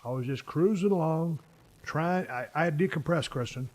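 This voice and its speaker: A man's voice: on the high side, normal speed. A man in his fifties hosting a casual podcast chat, telling long stories full of profanity. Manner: profane, rambling storyteller. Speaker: podcast host.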